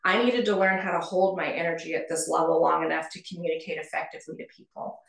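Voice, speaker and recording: A middle-aged woman, a guest on an interview, telling her story in a lively way, often laughing and acting out the people she quotes. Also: deep voice, fast talker, creaky. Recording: roomy echo.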